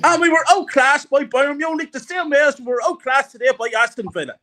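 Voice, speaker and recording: A middle-aged man in a fuming fan rant, hammering the same points again and again. His voice sits very high for a man and rings bright and forceful. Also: fairly quick. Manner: angry, ranting, repeats himself. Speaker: guest fan.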